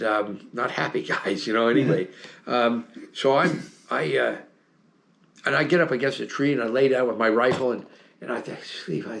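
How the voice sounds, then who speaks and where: A man's voice: mid-range voice, creaky, fairly bright tone. An American man in his seventies, telling old stories as an interview guest. He rambles, circles back with fillers and restarts, and chuckles as he goes. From United States. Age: 70s. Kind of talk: casual storytelling interview.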